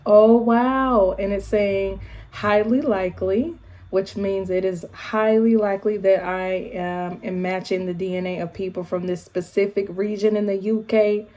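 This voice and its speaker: A woman with an African American English accent, chatting casually to her viewers in a vlog, animated and full of quick asides and shout-outs. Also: mid-range voice. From United States. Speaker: YouTube vlogger.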